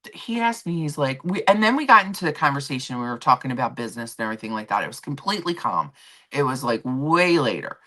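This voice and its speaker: A woman hosting a livestream, chatting casually and telling an animated story from work, acting out the people in it. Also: extremely low pitch, quick pace. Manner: animated storytelling with quoted voices; rambling with restarts and asides to chat. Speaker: livestream host. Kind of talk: casual chat. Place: home.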